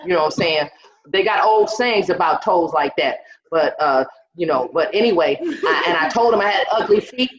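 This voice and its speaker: A woman's voice: lowish voice, expressive, moderate pace. A woman stand-up comedian, telling a profane story and acting out the quotes herself. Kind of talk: stand-up comedy set over video call. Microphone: video call. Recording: roomy, dull video call audio.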